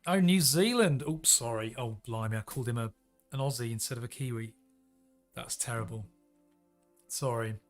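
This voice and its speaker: A man's voice: medium pitch, moderate pace, long pauses, faint music behind. A man hosting a live stream, chatting casually and upbeat while flying a plane in a simulator and greeting viewers. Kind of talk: casual live-stream commentary while playing a flight sim.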